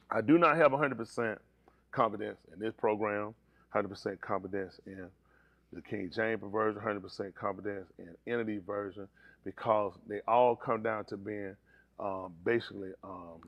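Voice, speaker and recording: In a dry recording, a male pastor preaches, shifting between low, even teaching and loud, high shouting, and ribbing members of the congregation.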